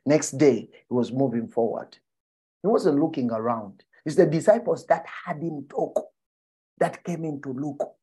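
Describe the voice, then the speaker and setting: A man preaching a sermon, often asking his listeners whether they follow him and dropping to a soft, low voice for emphasis. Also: measured pace, husky. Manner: animated, checks in with the listeners.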